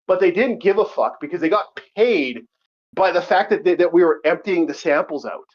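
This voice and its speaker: A man's voice: high-pitched, animated, normal speed. A man hosting a podcast in casual chat, rambling and profane, laughing often. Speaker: podcast host. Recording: lo-fi muffled audio.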